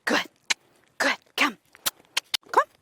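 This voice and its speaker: A woman horse trainer talking casually to viewers while working a horse, coaxing it with soft praise and explaining with enthusiasm. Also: drawn-out words, background noise. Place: outdoors with a horse.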